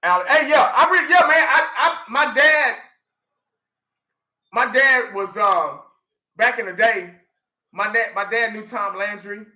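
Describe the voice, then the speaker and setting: A man's voice: high voice, takes it slowly, long pauses, pushed and bright, echoey room. A middle-aged man from Texas, chatting casually to his viewers and rambling with lots of restarts. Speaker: fan channel host. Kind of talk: casual chat.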